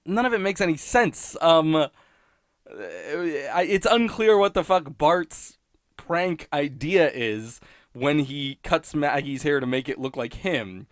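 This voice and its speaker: A man's voice: on the high side, no room sound, studio quality. A man hosting a solo podcast, talking through a cartoon episode in rambling, wry commentary and often cutting himself off. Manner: rambling, self-interrupting, wry, laughs at own points. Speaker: podcast host reviewing episodes.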